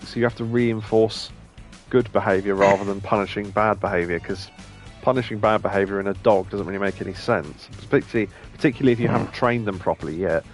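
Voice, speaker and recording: A man chatting casually while playing a game, musing aloud and laughing often. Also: lowish voice. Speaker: let's play streamer. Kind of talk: casual gameplay commentary.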